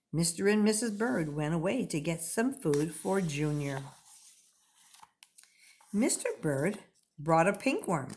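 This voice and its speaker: A woman reads a children's picture book aloud, slowly and clearly. Her pitch rises and falls with lively expression, keeping young listeners engaged.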